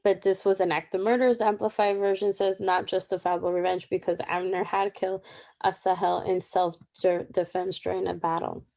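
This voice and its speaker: A woman's voice: lowish voice, level tone, normal speed, creaky, a little mellow. Chatty young woman reading the Bible. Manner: chatty and informal, many fillers and asides. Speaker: Bible reading plan presenter. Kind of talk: casual Bible study commentary.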